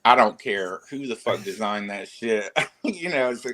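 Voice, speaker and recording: A man telling stories on a casual livestream, animated, profane and stammering as he talks. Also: lowish voice, moderate pace, no echo. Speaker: streamer.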